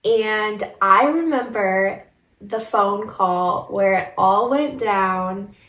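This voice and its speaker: A woman's voice: mid-range voice, very slow, a bit bright. A young woman from Michigan telling a personal story in a casual vlog, getting tearful and laughing through the emotion. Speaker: vlogger. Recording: echoey room.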